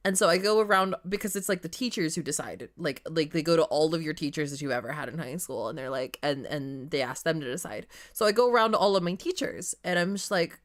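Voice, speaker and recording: A woman on a stream recounts her own school story in casual chat. She talks in a low-key way and swears now and then. Her voice sits fairly low for a woman. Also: lively intonation, fast talker, few pauses.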